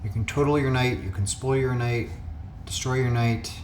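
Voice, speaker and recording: A man's voice: medium pitch, normal speed, slight background noise. Man thinking aloud in an echoey room. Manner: thinks aloud with frequent fillers. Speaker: puzzle video host. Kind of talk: casual solo commentary. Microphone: phone webcam.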